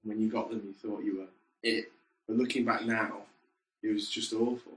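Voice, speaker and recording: Bloke giggling through stories, bright sharp voice, echoey room. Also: male voice, lowish voice, steady tone. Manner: giggly, quick interjections. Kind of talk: casual comedic chat. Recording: echoey room with faint background noise.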